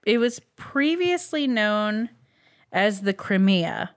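A woman with a mid-range voice co-hosts a casual podcast, presenting a researched topic very animatedly but at a slow pace. She reads out facts with frequent ums and uhs and laughs easily.

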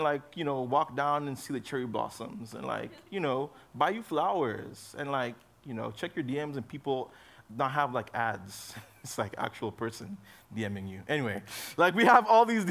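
A young man preaching to a youth group in an easygoing, chatty way, leaning on fillers as he talks. His voice sits a little high for a man, and he goes from loud, emphatic lines to soft, low asides. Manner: casual, conversational preaching with frequent fillers. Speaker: youth pastor. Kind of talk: sermon.

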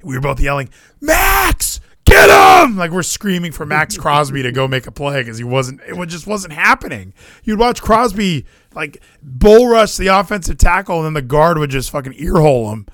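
A man's voice: fairly high pitch, a little fast, dry recording, raised voice, studio quality. A young man, co-host of a podcast, talking about his football weekend in casual chat, swearing and restarting often. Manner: animated, swears, frequent fillers and restarts.

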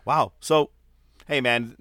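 A man co-hosting a podcast in casual, animated chat, swearing and laughing easily. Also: mid-range voice, takes it slowly, no echo, studio quality. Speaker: podcast co-host.

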